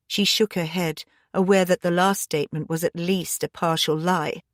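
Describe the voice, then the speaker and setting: A woman narrating a mystery audiobook in a steady, measured manner. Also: fairly low pitch, no room sound, clean studio sound. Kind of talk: scripted narration.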